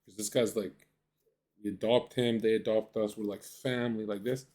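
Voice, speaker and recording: A man from Canada hosting a stream. He tells stories in a crude, animated way and acts out the voices of the people he quotes. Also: on the low side, moderate pace. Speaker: streamer host. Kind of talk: casual storytelling on stream.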